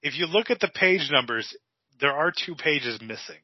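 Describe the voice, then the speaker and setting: A man co-hosting a podcast in casual chat, deadpan and sarcastic. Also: on the high side, normal speed, breathy edge, dry recording. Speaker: podcast co-host. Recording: dull lo-fi sound.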